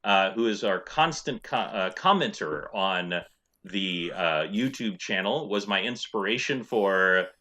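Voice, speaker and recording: A man's voice: lowish voice, animated, measured pace, sharp tone. A middle-aged man running a tabletop game as dungeon master, narrating playfully with sound effects.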